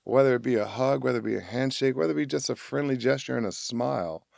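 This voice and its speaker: Gravelly animated man telling stories. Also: quick pace, no echo, studio quality. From Chicago, USA. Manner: animated storyteller, acts out voices with big pitch jumps. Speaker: voice actor guest. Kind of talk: candid podcast interview.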